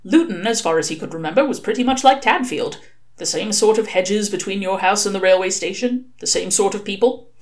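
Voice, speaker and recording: A woman reading a novel aloud, telling it in an expressive, wry way. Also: medium pitch, brisk. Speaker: reader.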